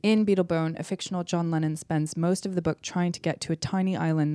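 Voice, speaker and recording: A woman's voice: lowish voice, steady tone, fairly quick, hardly any pauses, mellow, smooth, no echo, studio quality. A woman hosting a literary podcast and introducing the episode and her guest in a chatty way. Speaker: podcast host. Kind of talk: scripted show introduction.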